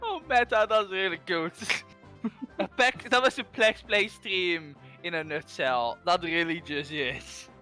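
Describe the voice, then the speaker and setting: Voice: mid-range voice, measured pace, sharp tone, soft background music. A guest player on a game stream, chatting loosely, giggling and swearing casually. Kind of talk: casual chat while gaming.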